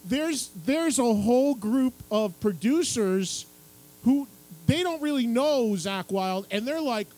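A middle-aged radio and TV music host, speaking very high and slowly, entertains a live book-signing crowd with an animated anecdote, voicing other characters and laughing along. It happens on a radio station stage at a public event, and the recording is rough.

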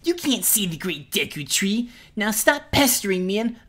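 A woman's voice: medium pitch, expressive, moderate pace, a bit bright, pitched above the performer's own voice, natural voice. A woman voicing a sneering, bratty older boy of the forest folk in a storybook reading. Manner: sneering, scoffing.

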